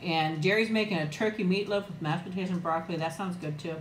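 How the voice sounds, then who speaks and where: A woman's voice: fairly low pitch, fairly even intonation, quick pace, echoey room, slight background noise. A middle-aged woman chatting casually on a live eating stream, greeting viewers by name and laughing often. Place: room at home. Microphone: new external mic, close.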